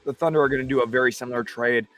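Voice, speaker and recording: Excitable man hosting a sports livestream. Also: mid-range voice, racing, soft background music. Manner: excitable, reads chat comments aloud. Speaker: livestream host. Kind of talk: live sports talk.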